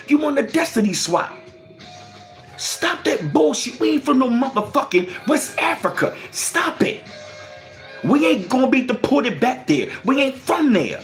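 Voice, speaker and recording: An American livestream host with a very high voice and big pitch swings speaks at normal speed over soft background music. Heated, profane and emphatic, he fires off rhetorical questions and reads out viewer chat comments.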